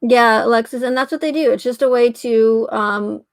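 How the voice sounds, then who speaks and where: Gravelly-voiced woman rambling on a livestream. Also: a little high, moderate pace, no room sound. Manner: rambling, trails off and corrects herself while reading; laughs often. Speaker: livestream host. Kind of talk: casual livestream chat, reading aloud.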